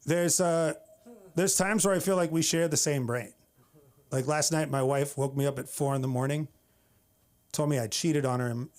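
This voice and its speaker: A man from the Bay Area, doing a wry, exasperated open-mic stand-up set on a comedy club stage. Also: fairly high pitch. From San Francisco Bay Area. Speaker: stand-up comic.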